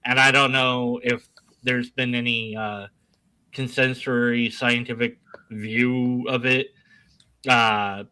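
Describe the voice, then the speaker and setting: A man's voice: mid-range voice, level tone, slow pace, sharp tone, clear, resonant tone, low-quality recording. A man rambling goofily and self-deprecatingly as a guest on a casual online panel, speaking from his desk at home.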